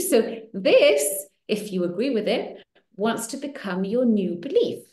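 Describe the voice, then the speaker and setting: A woman hosting an online circle, coaching listeners warmly through affirmations with animated, encouraging delivery. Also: a little high, unhurried, reverberant. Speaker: host of a women's money circle. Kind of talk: coaching talk to an online group.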